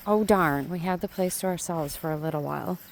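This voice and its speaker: A woman chatting to her viewers as she films a walk through a rural valley by the water on her phone. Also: on the low side. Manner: chatty, talking to viewers while walking. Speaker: vlogger. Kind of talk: casual nature walk vlog. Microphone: handheld phone camera. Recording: outdoor phone recording with nature noise. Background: rushing water, insects and birds.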